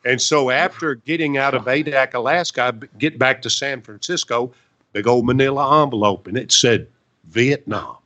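In a casual storytelling interview, a veteran and songwriter in his seventies spins folksy, chatty tales. His mid-range voice moves at a normal speed, with a bright, forceful tone.

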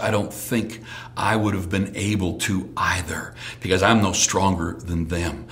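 A middle-aged man preaching a sermon, dropping to soft near-whispers and then rising to sudden loud shouts of praise. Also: low-pitched. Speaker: pastor.

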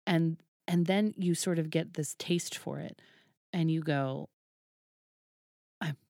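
Lively woman telling a story, laughing. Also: sits low, slow, no room sound, clean studio sound. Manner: animated, laughs often, acts out quoted dialogue. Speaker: podcast guest, burlesque troupe founder. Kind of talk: casual interview storytelling.

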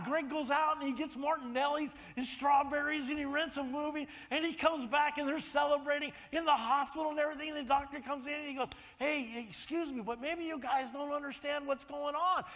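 A man in his sixties preaching a sermon, telling a story with animated swings and rising to shouts of praise. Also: extremely high pitch, brisk. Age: 60s. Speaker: pastor. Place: church sanctuary. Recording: long hall reverb.

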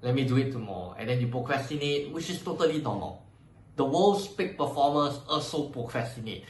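A man's voice: medium pitch, animated, fairly quick, roomy sound, poor audio. A man hosting a motivational self-help podcast. He speaks conversationally and often acts out his own inner voice. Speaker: podcast host.

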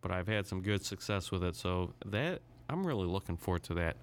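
A man's voice: low-pitched, expressive, fairly quick, a little hiss or hum. A man hosting his own podcast, rambling through a casual, profane solo rant with a self-deprecating edge. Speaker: podcast host.

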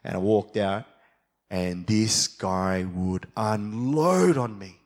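A young adult man preaching a sermon as a pastor, moving from quiet reflection to fired-up passion. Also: on the low side, takes it slowly.

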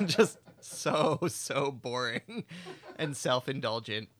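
Sardonic man with a bright voice. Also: medium pitch, animated, slow, a little hiss or hum. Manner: sardonic, laughs often while complaining. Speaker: podcast co-host. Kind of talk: casual podcast chat.

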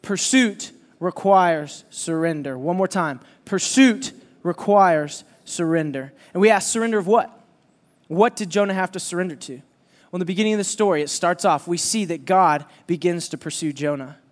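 A man preaching a sermon, telling a lively personal story and teasing his listeners. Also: sits high, a little fast, in a large hall. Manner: animated, joking storyteller who teases the audience.

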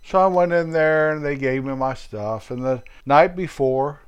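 A man's voice: fairly high pitch, a little slow, clear, resonant tone, highs cut off. An older man telling a rambling, joking monologue in a folksy way. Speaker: vlogger.

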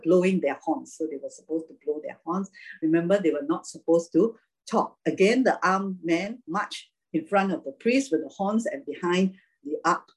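A woman's voice: fairly low pitch, a little mellow, husky, poor audio. A woman preaching an informal sermon, chatty, often asking her listeners questions and laughing.

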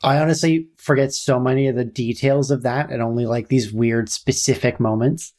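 Relaxed man recalling a game. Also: medium pitch, normal speed. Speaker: player. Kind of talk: casual chat about a tabletop game.

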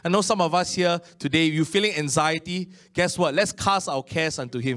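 Here a middle-aged man speaks with a Singaporean English accent as he preaches, chatty in manner, often saying Amen and leaning on slow, emphatic phrases. The voice is a little high and somewhat bright.

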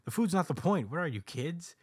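A man voicing a smug young male cult recruiter in a breezy, boastful sales pitch. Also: very animated, brisk, breathy edge, no room sound, studio quality. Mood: annoyed.

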